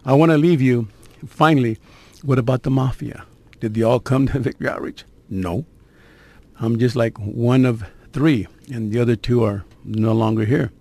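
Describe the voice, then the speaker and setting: A man's voice: mid-range voice, moderate pace, creaky, mellow. An older man, telling his conversion story in a conversational, streetwise way with suspense-building asides. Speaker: guest sharing his conversion testimony. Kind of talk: personal testimony storytelling.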